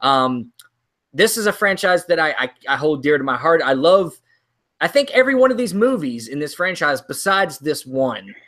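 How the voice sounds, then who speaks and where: A man's voice: on the high side, big pitch swings, moderate pace, fairly bright tone. A man co-hosting a casual movie talk show, rambling and ranting with lots of ums and restarts. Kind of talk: casual chat.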